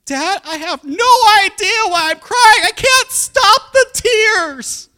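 A man voicing a small boy who is crying and can't say why, in a high, pleading, wailing voice. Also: lively intonation, takes it slowly, pushed and bright, heavily acted. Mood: tearful.

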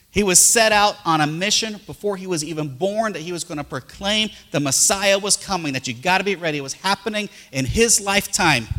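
A middle-aged male pastor preaching a folksy, animated sermon full of personal stories. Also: a little high, big-room sound.

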